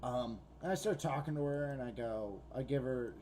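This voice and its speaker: A man's voice: mid-range voice, moderate pace, dark tone, slight background noise. A man co-hosting a podcast, telling a rambling, profane story in casual chat. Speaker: podcast co-host.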